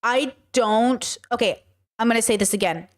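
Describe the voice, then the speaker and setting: A woman's voice: on the high side, moderate pace. A woman hosting a casual reaction commentary, chatty and rambling with frequent laughs. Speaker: commentary host reacting to clips.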